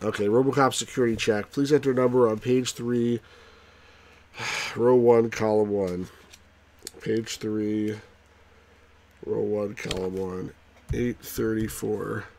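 A man's voice: fairly low pitch, steady tone, takes it slowly, pauses often, darkish tone. A man hosting a let's play, giving casual, rambling commentary full of fillers and frequent chuckles.

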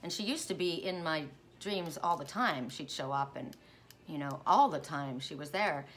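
A woman's voice: low voice, animated, moderate pace, a bit bright, slight background noise. A middle-aged woman, a tarot reader, telling a personal dream story in a rambling, self-interrupting way. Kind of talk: casual spoken storytelling.

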